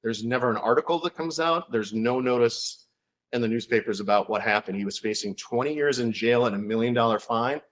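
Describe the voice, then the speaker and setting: A man of mid pitch, on as an author guest, tells a story with real enthusiasm. He packs the facts together in quick succession in a relaxed, chatty way. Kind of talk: casual chat.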